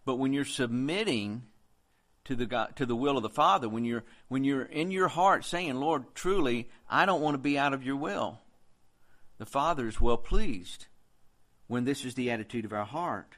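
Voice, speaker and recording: A man's voice: mid-range voice, lively intonation, normal speed, a bit bright. Earnest male preacher, conversational sermon.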